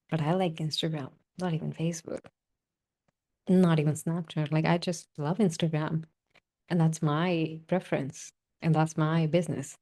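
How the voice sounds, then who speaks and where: A woman's voice: low-pitched, dark tone. A young adult woman hosting her own podcast, talking in an earnest, emotional, casual way with many "like"s. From South Asian diaspora. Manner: earnest, emotional, uses "like" often. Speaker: podcast host. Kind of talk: casual heartfelt monologue.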